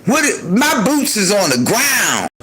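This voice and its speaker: A man in his sixties hosting a livestream and ranting heatedly with a lot of profanity, swinging between loud outbursts and low muttering. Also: wildly swooping pitch, a little slow. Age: 60s. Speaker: livestream host.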